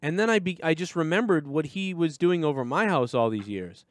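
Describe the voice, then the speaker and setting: A man's voice: on the high side, animated, fairly quick, no room sound, clean studio sound. A man hosting a live show, telling profane, rambling stories in casual chat.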